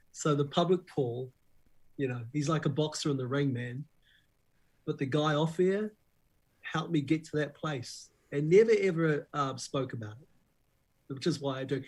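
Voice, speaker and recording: A middle-aged New Zealand man, a radio breakfast host, tells stories as a guest in a casual interview, animatedly acting out quotes. His voice is husky at medium pitch, and the audio is poor.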